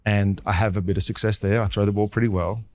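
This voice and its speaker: A man in his forties with an Australian accent, a former pitcher guest telling his story in a casual interview and acting out the dialogue. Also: quick pace. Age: 40s. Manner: lively storyteller who acts out quoted dialogue.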